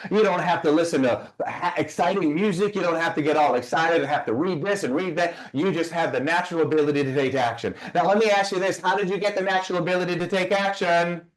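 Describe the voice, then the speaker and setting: High-voiced man coaching with emphatic questions. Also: fast talker, few pauses. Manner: emphatic, fires rhetorical questions at the audience; asks listeners to type answers in. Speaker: personal growth speaker. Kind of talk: motivational teaching session.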